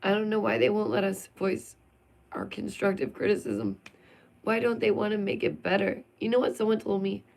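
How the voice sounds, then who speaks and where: A woman's voice: mid-range voice, moderate pace, creaky, darkish tone. A woman vlogger venting in an emphatic, sarcastic monologue full of rhetorical questions.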